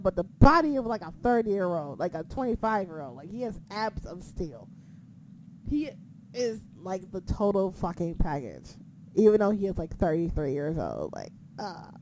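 A young woman co-hosting a casual wrestling chat, excitable and profane, laughing often. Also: mid-range voice, slight background noise, low-quality recording.

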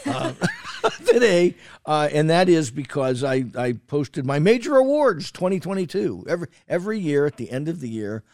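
A man's voice: fairly high pitch, sing-song, moderate pace, darkish tone, no echo. A man co-hosting a food podcast in casual chat, rambling with restarts and fillers and swearing for emphasis. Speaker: podcast co-host, food critic.

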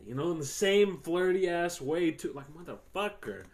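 A man's voice: fairly high pitch, expressive, moderate pace, a little mellow, slight background noise. A young man hosting a podcast, telling stories in a loose, slangy, profane way and laughing often. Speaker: podcast host. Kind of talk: casual storytelling chat.

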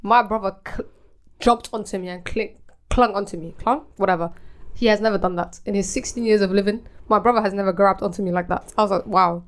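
A woman's voice: mid-range voice, fairly even intonation, fast. A young woman co-hosting a podcast, chatty and telling anecdotes between laughs. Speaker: podcast co-host. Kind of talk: casual chat.

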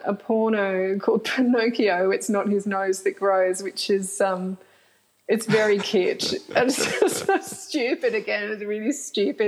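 A woman's voice: mid-range voice, poor audio. A middle-aged woman, a guest telling frank stories in an interview and laughing often. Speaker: guest, author. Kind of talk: candid storytelling interview.

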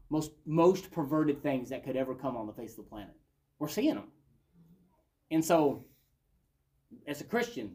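Leading a Bible study, a man reads scripture aloud and then pauses to comment on it. His unhurried, conversational delivery feels more like chatting with the group than a formal sermon, and his voice is a little high with a darkish tone.

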